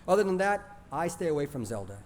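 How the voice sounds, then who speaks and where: Expressive male author reading aloud. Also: a little high, fast. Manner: lively, expressive storytelling. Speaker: author reading his stories. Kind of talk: live story reading.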